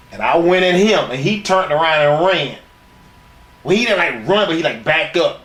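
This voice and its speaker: Brash, profane man with a lively voice. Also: on the high side, moderate pace. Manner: brash and profane, acts out other people's voices in his stories. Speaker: retired wrestler being interviewed. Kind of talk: profane shoot-interview storytelling.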